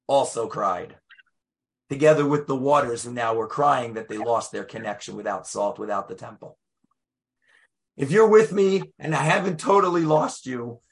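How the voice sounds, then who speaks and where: A man teaching a lively Torah class, emphatic and acting out the voices in the text. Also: a little high. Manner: animated, emphatic, acts out voices and quotes.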